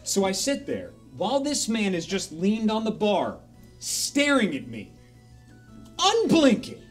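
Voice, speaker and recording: A man telling a rambling, animated story live on a charity stream in a casual way. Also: sits high, measured pace, faint music behind.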